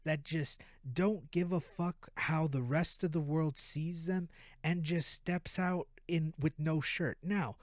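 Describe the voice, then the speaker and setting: A man hosting a podcast, telling a profane comedic rant in an animated way from a room at home. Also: fairly high pitch, slow pace, no room sound, studio quality. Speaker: podcast host.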